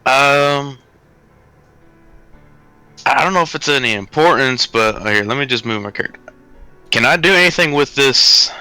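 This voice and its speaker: A man's voice: mid-range voice, normal speed, long pauses, bright, forceful tone, clean tone, soft background music. A man playing a cleric in a tabletop game, casual, hesitant and joking, swearing freely. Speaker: player.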